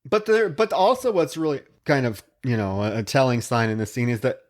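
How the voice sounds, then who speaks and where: A man co-hosting a podcast, casually retelling film scenes. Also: medium pitch. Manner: retells scenes with quick voiced quotes. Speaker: podcast co-host.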